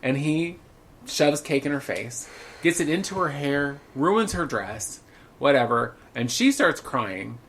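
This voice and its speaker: A man's voice: on the high side, expressive, measured pace, a bit bright, slight background noise. A man co-hosting a podcast, telling stories in a candid, profane, casual chat. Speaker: podcast co-host.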